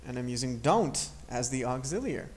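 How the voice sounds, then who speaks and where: A man's voice: medium pitch, lively intonation, a little fast. A man teaching an English grammar lesson, explaining patiently and modeling intonation aloud.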